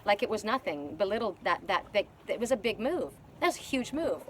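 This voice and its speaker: Older lady doing an oracle card reading, talks super fast, rambles and restarts a lot. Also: medium pitch, big pitch swings, a bit bright, slight background noise. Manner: earnest, rambling, repeats words and restarts often. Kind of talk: spiritual card reading, casual monologue.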